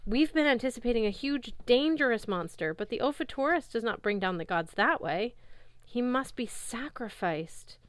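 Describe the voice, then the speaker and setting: A woman reading as a grave young huntress who speaks in stiff, old-fashioned phrasing in a storybook reading. The voice is smooth and clear, recorded dry and close. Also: on the high side, expressive, normal speed, no room sound, voice pushed up, lightly acted. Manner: formal, grave. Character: solemn ancient huntress girl, formal speech. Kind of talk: audiobook character voice.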